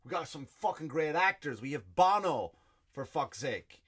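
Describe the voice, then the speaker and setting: An Irish man hosting a comedy podcast, delivering a profane, animated rant in a stand-up style. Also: a little high, normal speed, husky. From Ireland.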